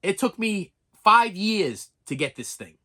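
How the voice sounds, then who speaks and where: A man's voice: high voice, very animated, unhurried, pushed and bright. A middle-aged man ranting heatedly on his vlog, rambling and stammering through restarts. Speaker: collector vlogger. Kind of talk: emotional unscripted rant.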